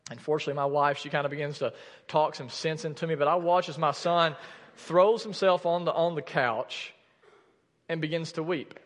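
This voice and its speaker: A man's voice: a little high, steady tone, moderate pace. A man in his thirties preaching a sermon, telling a personal story candidly and often restarting his sentences. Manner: candid storytelling with many restarts and filler words. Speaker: pastor. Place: church sanctuary. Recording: church hall with long reverb.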